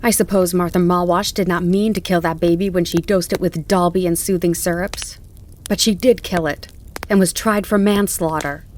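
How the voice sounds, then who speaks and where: A woman reading the part of an earnest male groom in an audiobook, speaking slowly and softly, then loudly and indignantly. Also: fairly low pitch, close to an everyday voice. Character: kind earnest male groom, working man. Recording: faint crackling campfire behind.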